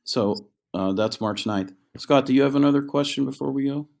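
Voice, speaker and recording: A man's voice: medium pitch, moderate pace, creaky, darkish tone. A man hosting a livestream book event, speaking in an easygoing, hesitant way with many fillers over a video call. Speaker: host. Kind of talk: moderating a livestream Q&A.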